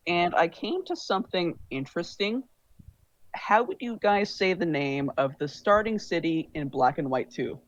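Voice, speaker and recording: A man's voice: a little high, animated, moderate pace, no room sound. A man co-hosting a podcast, chatting casually and rambling with fillers. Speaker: podcast co-host. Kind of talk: casual chat. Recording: dull lo-fi mic.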